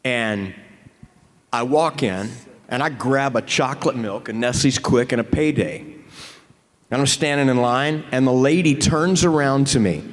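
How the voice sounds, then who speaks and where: A man on a convention panel, telling a profane, animated story with many restarts. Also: mid-range voice, measured pace. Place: large convention hall. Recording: reverberant hall.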